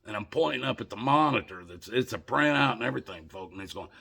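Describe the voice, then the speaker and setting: Man with a low, gravelly voice and a bright, husky edge, casual rambling storytelling. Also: fast. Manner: rambling, conversational, with repeated restarts.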